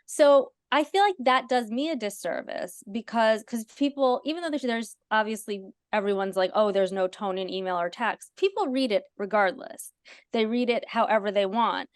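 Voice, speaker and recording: A woman hosting a podcast tells stories animatedly in casual chat, using lots of "like" fillers. Her voice is on the high side at normal speed, captured with clean studio sound and no echo.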